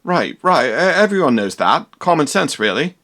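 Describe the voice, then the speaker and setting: A man voicing a cheeky, bug-eyed hunchbacked servant in a low, gruff wisecracking voice. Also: very animated, moderate pace, fairly bright tone, exaggerated voice.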